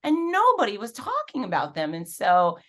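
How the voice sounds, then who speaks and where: A woman guest on an interview podcast telling her story in a lively, animated way, acting out quoted voices with big jumps in pitch. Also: normal speed. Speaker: podcast guest, fitness professional and race announcer.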